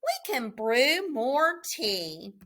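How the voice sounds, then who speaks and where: A woman voicing a small, cheerful mouse in a storybook read-aloud, high and reassuring. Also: sing-song, very slow, sharp tone, full character voice. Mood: soothing.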